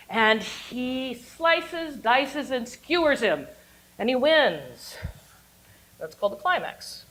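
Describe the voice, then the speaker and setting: Animated woman teaching a storytelling class. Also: high voice, slow, poor audio. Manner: animated, playful, laughs at her own jokes, cheers and boos along with the story. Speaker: university teacher giving a workshop class. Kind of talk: lively lecture with storytelling.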